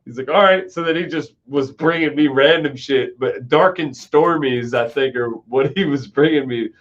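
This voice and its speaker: A man's voice: medium pitch, moderate pace. A man hosting a live stream, telling a long, profane party story in casual chat. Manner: profane, rambling anecdote-telling. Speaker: host. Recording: dull lo-fi stream audio.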